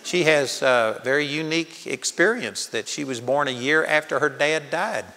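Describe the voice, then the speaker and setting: A man's voice: fairly high pitch, moderate pace, bright, forceful tone, long reverb tail. An older man preaching a sermon at a Bible college, telling stories in an earnest manner. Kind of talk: sermon teaching. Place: large hall with audience.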